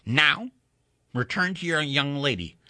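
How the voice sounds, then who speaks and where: A man voicing a genial teacher who speaks in a brisk, assured, lightly teasing way. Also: a little high, expressive, bright, forceful tone, dry recording, studio quality, heavily acted. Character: genial teacher of the science of love.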